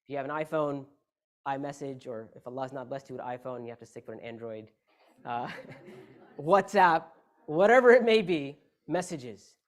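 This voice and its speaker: A man's voice: medium pitch, lively intonation, normal speed. A man giving a Friday sermon in a mosque hall, speaking emphatically, asking rhetorical questions and shifting the stress between words. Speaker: preacher.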